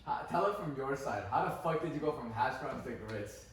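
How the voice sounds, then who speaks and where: A man's voice: medium pitch, animated, a little fast. A young man joking with friends and prompting the story with questions. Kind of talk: casual chat among friends. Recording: echoey room, far mic, faint noise.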